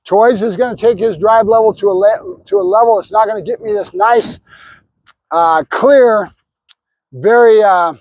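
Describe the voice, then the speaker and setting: A dog trainer, a man with a notably high voice, talks through a hands-on training session. He mixes explanation with quick praise words for the dog. The sound is dry and close, with little room echo. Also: a little mellow. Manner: explains while giving the dog short praise cues.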